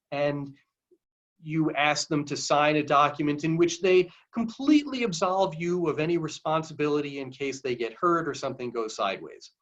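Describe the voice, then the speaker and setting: A man, a lawyer, answering questions in a webinar in a conversational way, with frequent ums. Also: on the high side. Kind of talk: webinar Q&A talk. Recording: dull lo-fi webinar audio.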